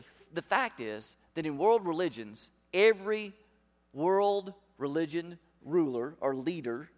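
A pastor preaching a sermon to his congregation, emphatic and full of rhetorical questions. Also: on the high side. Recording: long hall reverb.

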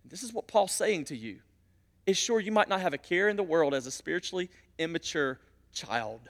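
Male pastor, high voice, animated storyteller, long church-hall reverb. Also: moderate pace. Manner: animated storytelling, swinging between loud emphasis and quiet asides. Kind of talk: sermon. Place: church sanctuary.

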